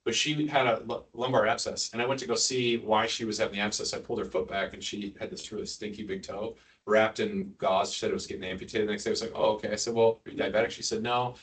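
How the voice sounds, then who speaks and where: In a hospital lecture room, a man with a lowish voice speaks fast in a steady, fairly bright tone, joking and quizzing nurses during an informal neurosurgery lecture with asides. A distant mic picks up murmuring from the audience.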